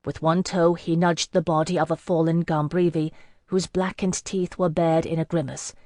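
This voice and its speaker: An audiobook narrator, a woman with a voice on the low side for a woman, reads a fantasy novel in the first person from a script, measured and even. The sound is dry and close, like a booth mic, with no echo.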